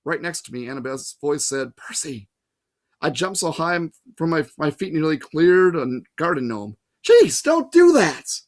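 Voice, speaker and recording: A man reads a story aloud in a relaxed, conversational manner, stopping now and then to comment on what he has read. His voice sits a little higher than most men's. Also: normal speed, few pauses. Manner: casual, adds his own comments. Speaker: reader. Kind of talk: audiobook reading with asides.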